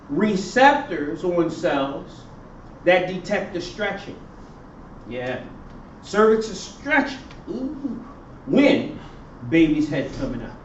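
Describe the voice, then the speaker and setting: A man with a high voice lectures in a classroom and keeps pausing so his students can fill in the answers. He is picked up from a distance by a dull recording. The room is echoey, with faint background noise. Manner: quizzing students with fill-in questions. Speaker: professor.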